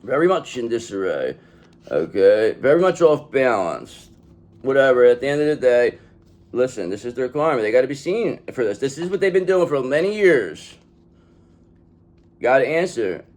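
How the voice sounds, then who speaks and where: A man's voice: big pitch swings, moderate pace, a little mellow. A man reading tarot cards in a streetwise, gangster-style monologue, often tagging "okay?" onto his lines. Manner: acts out pleading enemies in a high voice. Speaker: tarot reader.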